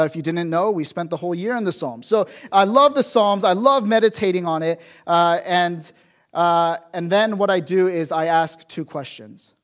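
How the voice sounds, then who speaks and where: A young adult man preaching as a pastor, animated and emphatic, dropping to soft asides. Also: sits high. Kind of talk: sermon.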